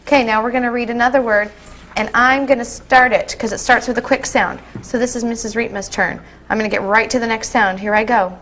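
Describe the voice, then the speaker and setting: A woman teaching a small group of kindergarteners to read words, giving brisk prompts and quick praise. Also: a little high, fairly even intonation, a bit bright, slight background noise. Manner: encouraging, brisk, with frequent praise. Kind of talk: classroom instruction. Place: classroom.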